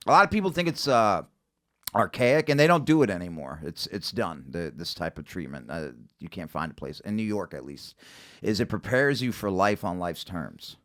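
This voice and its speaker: Low-voiced man telling his story. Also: normal speed. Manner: animated, acts out quoted voices, many fillers. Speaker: podcast guest. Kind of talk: casual interview storytelling.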